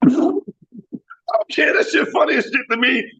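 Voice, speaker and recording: A man doing a brash, crude stand-up set over a video call, swinging between loud shouted bits and low mutters. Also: normal speed. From Florida. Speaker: stand-up comedian. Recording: dull lo-fi video call audio.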